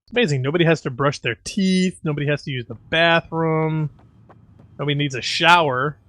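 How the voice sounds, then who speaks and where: A man's voice: on the high side, a little fast, fairly bright tone, no room sound. A man commenting on a video game in casual, sarcastic banter. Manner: sarcastic, joking. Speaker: gameplay commentator. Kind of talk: casual let's-play banter.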